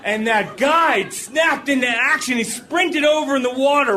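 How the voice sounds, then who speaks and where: A man performing a comic personal story for an audience, jumping into high voices when he quotes people. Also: unhurried, noisy background.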